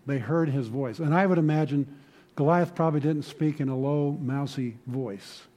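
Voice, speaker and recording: A man's voice: fairly high pitch, normal speed, warm tone. A middle-aged man preaching a sermon, telling stories conversationally and building to emphatic points. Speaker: pastor.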